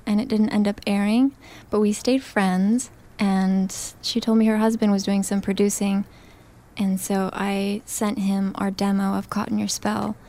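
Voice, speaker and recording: A woman's voice: medium pitch, dark tone. A young woman, a singer, talking as a guest in a casual interview, gushing and enthusiastic. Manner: enthusiastic, gushing, laughs often.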